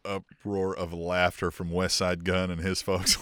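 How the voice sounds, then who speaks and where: A man's voice: deep voice, monotone, a little slow, fairly bright tone, clean tone. A man co-hosting a wrestling podcast, joking and swearing in casual chat and reading out news items. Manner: laughs often, joking, swears.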